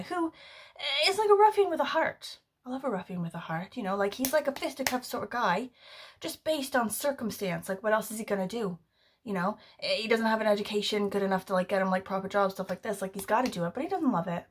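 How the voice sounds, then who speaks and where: A young adult woman chatting casually in a book vlog, rambling and full of fillers as she retells stories. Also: medium pitch. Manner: rambling, filler-heavy, animated storytelling. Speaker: book vlogger.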